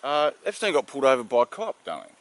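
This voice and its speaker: A man's voice: mid-range voice, huge pitch swings, quick pace. A man telling jokes casually and rambling through them with many fillers, calling his listener darling. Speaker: joke teller.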